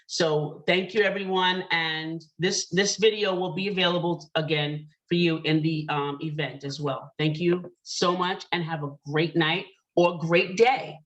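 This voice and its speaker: Female panel host, lower-pitched, candid and chatty, dull lo-fi call audio. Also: steady tone, unhurried, hardly any pauses. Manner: chatty, candid, many fillers. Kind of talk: online panel discussion, personal story.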